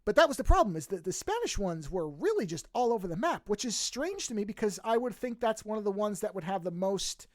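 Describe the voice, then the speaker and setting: A man's voice: high voice, no room sound, studio quality. A man hosting a podcast, with a light New York accent, chatting casually and rambling through restarts and asides. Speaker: podcast host.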